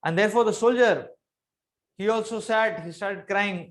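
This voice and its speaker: A man giving a spiritual discourse as a teacher, earnest, repeating phrases for emphasis and swinging his pitch and loudness dramatically as he tells a story. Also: moderate pace.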